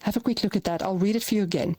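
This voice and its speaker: A woman's voice: mid-range voice, rapid-fire, warm tone, no echo. A woman from South Africa teaching a voice-over workshop, explaining in a conversational way and checking in with "right?" and "okay?". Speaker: voice-over coach. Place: virtual reality platform session.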